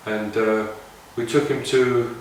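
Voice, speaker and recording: A man's voice: mid-range voice, steady tone, slow pace, a little hiss or hum. A man telling casual, meandering anecdotes in a reflective way. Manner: meandering, reflective, with many restarts. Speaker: didgeridoo player sharing stories. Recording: very echoey room, mic far off.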